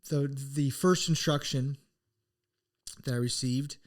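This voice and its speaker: A man's voice: medium pitch, slow pace. Earnest reflective man telling a story. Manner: earnest, reflective, full of restarts. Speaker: podcast co-host. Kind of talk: casual personal storytelling.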